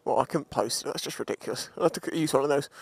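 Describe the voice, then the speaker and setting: Loud wind and road noise accompany a man's motorbike vlog, recorded on a helmet mic as he rides the road and later walks a scrap yard. He chats and jokes to himself and viewers in rapid-fire casual commentary, his fairly high voice creaky and husky.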